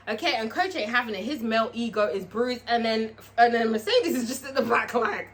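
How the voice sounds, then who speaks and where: A woman recapping a TV episode in a casual vlog, profane and animated, talking straight to her viewers. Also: on the high side, fairly quick, hardly any pauses. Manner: profane, animated, chatty, asks viewers questions. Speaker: TV show reviewer.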